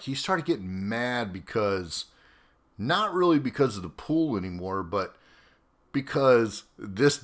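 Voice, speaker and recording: A middle-aged man, an army veteran hosting his own podcast, telling a story in a casual, animated way and laughing often. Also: fairly low pitch. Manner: animated, acts out quoted voices, laughs often.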